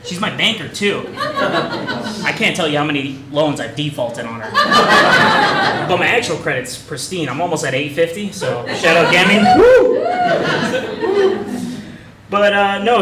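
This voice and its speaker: Young male stand-up comic. Casual, self-deprecating rambler. Roomy live recording with loud audience noise. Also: a little high, far from the mic. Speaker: stand-up comedian. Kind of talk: stand-up comedy set. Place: comedy club stage. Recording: echoey club room from afar, audience noise. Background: audience laughter.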